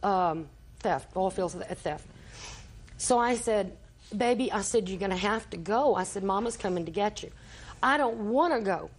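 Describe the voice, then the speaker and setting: A woman's voice: mid-range voice, animated, moderate pace. An older grandmother testifies in a TV courtroom, rambling through a long family story in an everyday voice. She slips into the quoted words of each person she mentions as she goes. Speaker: litigant, grandmother.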